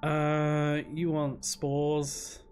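A man's voice: on the high side, monotone, very slow, a little mellow, soft background music. A man casually commentating as he plays a game live, thinking aloud. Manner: musing, thinking aloud with fillers. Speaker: streamer playing a game. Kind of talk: casual let's-play commentary.

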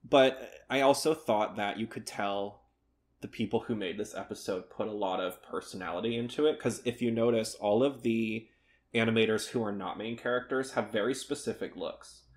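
A man's voice: fairly low pitch, normal speed. A man co-hosting a podcast in casual chat, rambling and sometimes losing his train of thought. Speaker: podcast co-host.

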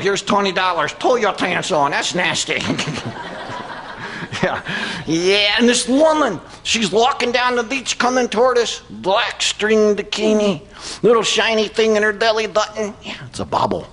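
A man's voice: high voice, heavily acted. A man voicing a brash, cheeky redneck puppet who hollers and whoops, with a Southern US accent. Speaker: ventriloquist's dummy. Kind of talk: stand-up ventriloquist act. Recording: noisy comedy club.

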